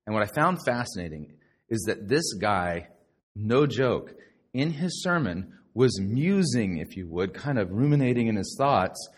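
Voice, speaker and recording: A middle-aged man preaching a sermon to a live congregation, sarcastic and animated, now and then mocking other people's voices. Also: on the low side, measured pace, slightly rough. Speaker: pastor.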